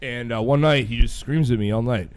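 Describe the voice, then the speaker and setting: Midwestern man, bartender guest, mid-pitched, animated storyteller. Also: fairly quick, clean tone. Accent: Midwestern American. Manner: animated anecdote teller, acts out quotes. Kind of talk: casual comedic chat.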